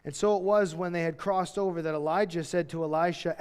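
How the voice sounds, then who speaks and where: A high-voiced man preaching to his congregation, telling the story with animated, casual energy and slipping into the voices of the characters. His voice carries a long reverb, as if filling a large church hall. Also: a little fast, few pauses, clear, resonant tone. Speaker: pastor. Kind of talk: sermon. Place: church sanctuary.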